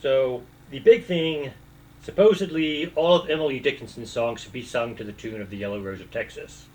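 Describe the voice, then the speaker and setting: A man's voice: medium pitch, normal speed, darkish tone, slight background noise, poor audio. A man rambling casually as a video host, hesitating often with fillers and restarts, and now and then breaking into short bits of song.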